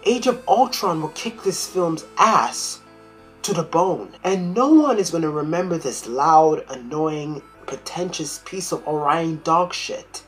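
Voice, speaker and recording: A woman's voice: sits low, a little slow, faint music behind, poor audio. A woman critic delivering a blunt, profane rant in a video film review.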